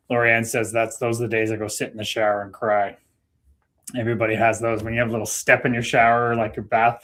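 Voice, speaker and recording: A relaxed, chatty man hosting a livestream. He talks loosely and warmly with his co-host. He reads viewer comments aloud in an easygoing way. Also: mid-range voice. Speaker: stream host. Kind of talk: casual livestream chat.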